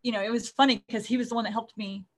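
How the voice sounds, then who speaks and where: A woman's voice: fairly high pitch, fairly even intonation, very fast. A middle-aged woman co-hosting an author podcast, chatting casually and rambling with lots of fillers. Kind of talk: casual chat.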